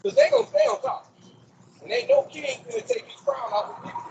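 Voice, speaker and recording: A man's voice: very high voice, brisk, creaky, darkish tone, lo-fi sound, slight background noise. A man preaching on the street in front of a store, emphatic and quoting scripture with rhetorical questions, recorded on a phone outdoors. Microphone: phone recording a video.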